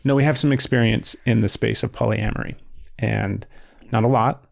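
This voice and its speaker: A man's voice: on the low side, steady tone, moderate pace, creaky, no echo, studio quality. A man in his forties co-hosting a podcast, chatting casually with a blunt, joking manner and casual swearing. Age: 40s. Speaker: podcast co-host. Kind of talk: casual chat.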